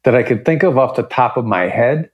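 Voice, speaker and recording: The recording sounds muffled as a negotiation expert, a podcast guest, speaks briskly in a mid-range voice with a breathy edge. Throughout the conversational interview he's confident and emphatic and acts out short examples.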